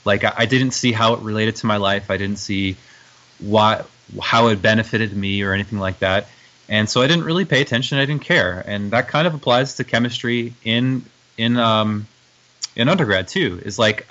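A low-voiced man answers interview questions in a thoughtful, halting way, with frequent restarts. The audio is a little dull and lo-fi. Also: pushed and bright. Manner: reflective, hesitant, with many restarts. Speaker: guest, strength coach and nutrition formulator. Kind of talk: conversational interview.

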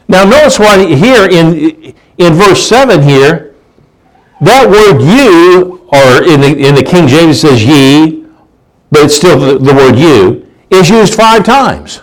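A man's voice: fairly high pitch, lively intonation, slow, rough recording. A man preaching a sermon in a conversational way, often repeating words and asking rhetorical questions.

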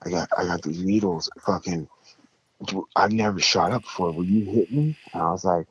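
A young man telling a story in casual, profane talk, acting out the people in it with louder, higher voices. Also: moderate pace, slightly rough, no echo, lo-fi sound.

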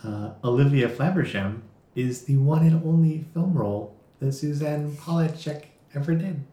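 A man co-hosting a podcast, chatting casually and reading out facts in a hesitant, low-key way. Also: moderate pace, dark tone. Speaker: podcast co-host. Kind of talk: casual chat. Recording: roomy echo.

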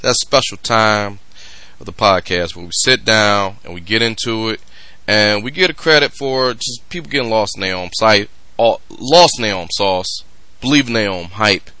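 A man's voice: on the low side, moderate pace, bright, forceful tone, dry recording. A man hosting a podcast, ranting in a casual, emphatic and profane way. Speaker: podcast host. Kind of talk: casual commentary rant.

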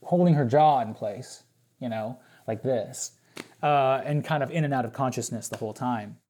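A man's voice: medium pitch, normal speed, a little mellow. A man talking as a podcast guest, telling a long story in a casual, rambling way, full of fillers and restarts.

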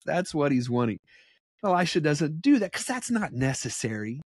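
Male Bible teacher, casual preaching, blunt and animated, slightly high voice, dry close recording. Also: moderate pace, husky, dry recording. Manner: conversational, animated, with blunt asides.

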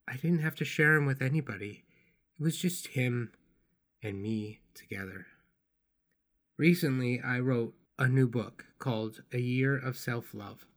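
A man hosting his own podcast, telling personal stories in a gentle, unhurried, tender way. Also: medium pitch. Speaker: podcast host and author. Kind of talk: reflective personal podcast monologue.

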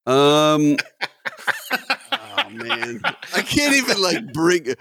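A man competing on a podcast game show, joking and thinking his answers through out loud. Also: high voice, very animated, very slow, creaky, no room sound, clean studio sound. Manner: jokey, thinks aloud, acts out scenes. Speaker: contestant. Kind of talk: casual podcast banter.

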